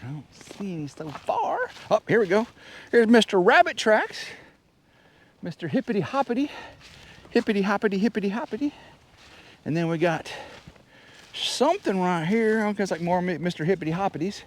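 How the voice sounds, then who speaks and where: A man's voice: sits high, normal speed. A man rambling chattily on an outdoor vlog while hiking through snowy woods, a little out of breath. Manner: excitable, chatty, wanders between thoughts. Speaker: vlogger. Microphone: handheld camera.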